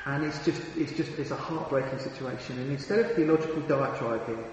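A man's voice: medium pitch, fairly quick, a little hiss or hum. A man preaching a sermon, earnest and emphatic, often restarting and repeating his words. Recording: very echoey hall with long reverb.

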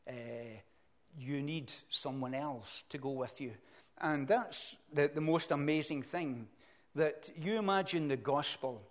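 A middle-aged man with a medium-pitched voice preaches a sermon earnestly and reflectively. He often pauses and restarts his sentences.

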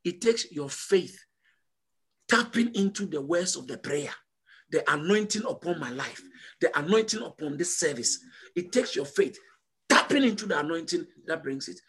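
A man preaching a sermon as pastor, emphatic and repetitive, building to loud call-and-response peaks. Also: a little high, animated, normal speed, breathy edge.

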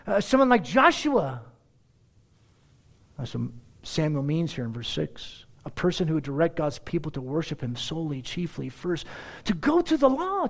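A man preaching a verse-by-verse sermon with sarcastic asides and rhetorical questions, swinging between loud exclaims and hushed asides. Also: on the high side, vocal fry. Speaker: pastor. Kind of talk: expository sermon.

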